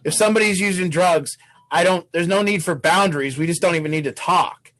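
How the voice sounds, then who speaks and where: A man's voice: sits high, a little fast, background noise. A man leading a recovery support group on a video call, talking bluntly and swearing freely, acting out what others might say.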